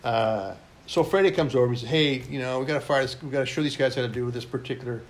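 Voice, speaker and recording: A man's voice: medium pitch, fast. An older military veteran telling his service stories in an interview, rambling and blunt with frequent restarts. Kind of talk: oral history storytelling.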